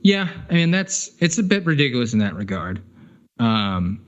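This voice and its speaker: A man's voice: mid-range voice, sing-song, moderate pace, highs cut off. Sardonic man in casual podcast chat. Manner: loose and sardonic, trails off in filler, swears, mimics accents. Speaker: podcast co-host.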